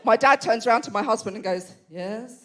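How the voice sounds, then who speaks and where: A woman performing an animated stand-up set on a comedy club stage, acting out loud voices. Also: a little high, fast talker, a little hiss or hum. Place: comedy club stage before a live audience.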